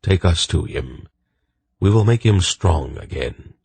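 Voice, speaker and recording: Man doing a gruff old wolf pack leader. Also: low voice, lively intonation, slow pace, a little mellow, dry recording, full character voice. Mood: commanding. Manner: commanding, dry, decisive.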